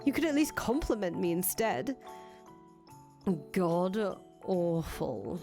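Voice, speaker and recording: A woman's voice: mid-range voice, animated, measured pace, a little mellow, soft background music, natural voice. A woman voicing an earnest young foreign traveler who talks chattily and stammers when she gets nervous, in a fan voice acting of a visual novel. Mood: flustered.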